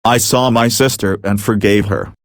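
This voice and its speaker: A man reading a book aloud in measured, earnest scripted narration. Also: fairly low pitch, fairly even intonation, no room sound, clean studio sound. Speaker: audiobook reader.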